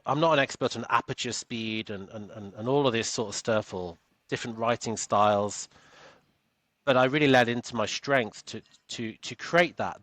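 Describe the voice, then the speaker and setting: A man's voice: on the low side, a bit bright, dry recording. A British man, a coach and author, talking earnestly as a podcast guest and often repeating words as he goes. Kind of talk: podcast interview.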